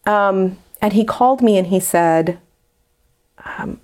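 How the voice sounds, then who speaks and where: A woman's voice: mid-range voice, slow, darkish tone. A woman from the United States, a guest in an interview, earnestly telling a personal story with frequent fillers.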